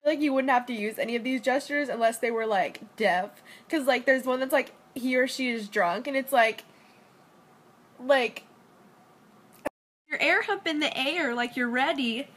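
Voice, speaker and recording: A young woman talks straight into her phone camera in a loose, rambling way. She jokes a lot and fills her sentences with "like". Her voice sits a little on the high side. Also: moderate pace, a bit bright. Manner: rambling, joking, heavy use of "like". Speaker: vlogger. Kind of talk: casual selfie-story chat.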